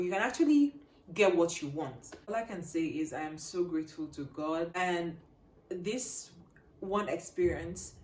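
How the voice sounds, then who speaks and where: A young woman telling a personal story to her viewers, shifting between hushed and loud, animated delivery. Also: fairly low pitch, echoey room. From Nigeria. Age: young adult. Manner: animated, swings from quiet to loud. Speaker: vlogger.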